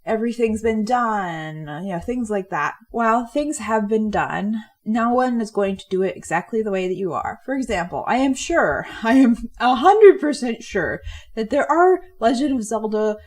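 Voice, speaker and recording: A woman's voice: a little high, expressive, moderate pace. Chatty young woman giggling through commentary. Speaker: comic artist, video creator. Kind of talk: casual commentary.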